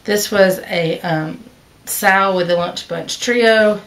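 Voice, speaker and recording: A woman with a mid-range voice talks slowly to the camera about her stitching in a casual vlog. She's chatty and rambling, full of fillers and self-corrections, often restarting sentences, and she has hiccups.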